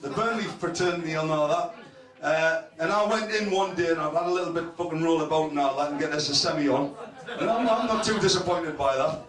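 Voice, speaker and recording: A man's voice: on the high side, brisk. A man hosting a club awards night, cracking crude, swear-laden jokes and laughing through them. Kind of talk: crude roasting banter. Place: club function room with an audience. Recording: echoey room, voice far from the mic. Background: loud crowd laughter.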